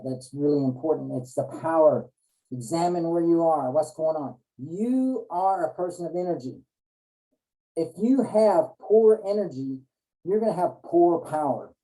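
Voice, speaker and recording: A man's voice: a little high, mellow, low-quality recording. A man giving an earnest motivational talk, often restarting his phrases as he goes. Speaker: motivational speaker.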